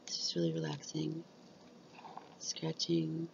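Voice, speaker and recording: Chatty low-voiced woman, lo-fi vlog. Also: very animated, slow pace, vocal fry, a little hiss or hum. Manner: chatty, rambling, many "like"s. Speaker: vlogger. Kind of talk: casual chat about ASMR.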